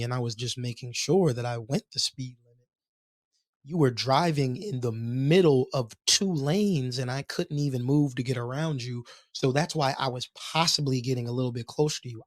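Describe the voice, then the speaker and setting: In clean studio sound with no echo, a male podcast co-host spins a story at a moderate pace in a medium-pitched voice. He's an animated storyteller who performs the quoted voices during the casual chat.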